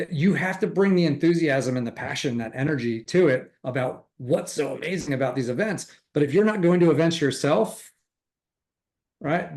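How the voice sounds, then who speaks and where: A middle-aged man with a somewhat high voice coaches real estate agents in a lively motivational talk. He keeps the energy up and slips into quick acted-out bits of dialogue to make his points. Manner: enthusiastic, acts out quoted chatter.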